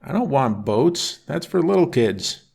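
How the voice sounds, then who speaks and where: A man's voice: fairly high pitch, very animated, a little slow, creaky, a little mellow, breathy edge, voice pushed up, exaggerated voice. Earnest first-grade boy read by a man, childlike, slightly raised voice. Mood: earnest child. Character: first-grade boy, eager and a little proud.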